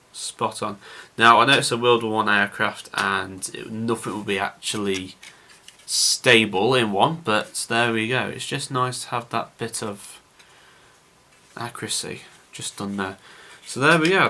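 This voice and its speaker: A man's voice: fairly low pitch, bright, forceful tone. A man casually narrating his scale model build to viewers, chatty and rambling with frequent filler words.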